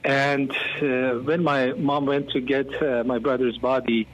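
A man's voice: mid-range voice, little pitch movement, a little slow, slight background noise, rough recording. A man from Iran, a guest evangelist, telling a personal testimony earnestly with many fillers and restarts.

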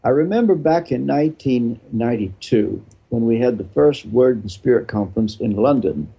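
Older man, retired preacher, husky and dark-toned, emphatic with rhetorical questions. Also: mid-range voice, animated, moderate pace. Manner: emphatic, rhetorical questions answered himself, repeats phrases. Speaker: retired pastor, interview guest. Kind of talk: interview answer, preaching-style explanation.

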